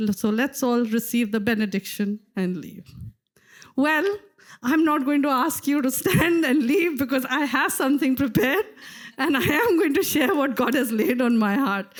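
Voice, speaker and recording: A woman preaching a sermon at a church service, telling a story with lively acted-out quotes. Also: on the high side. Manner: animated storyteller, acts out quoted voices.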